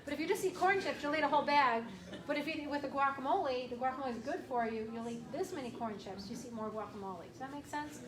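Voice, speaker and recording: A woman chiropractor giving a casual, emphatic health workshop talk to an audience, clearing her throat often. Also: high-pitched, fast talker, a crowd in the background. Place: room with an audience. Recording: echoey room from far off, faint hiss.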